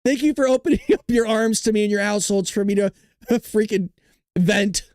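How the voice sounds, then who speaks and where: A man's voice: high voice, normal speed, darkish tone, clear, resonant tone, no room sound, studio quality. A male show host ranting to his live-stream viewers, frustrated and full of profanity, talking straight to his audience.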